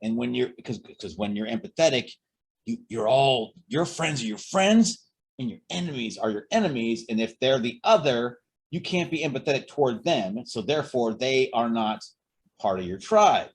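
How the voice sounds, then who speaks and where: A man's voice: medium pitch, lively intonation, normal speed, breathy edge. A man co-hosting a casual podcast, ranting bluntly and swearing freely. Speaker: podcast co-host. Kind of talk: casual chat.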